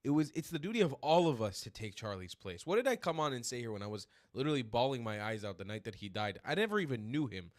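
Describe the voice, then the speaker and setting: A man's voice: mid-range voice, big pitch swings, fast talker, few pauses, no room sound, studio quality. A man hosting a political commentary stream, ranting in furious, profane outbursts. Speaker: streamer host.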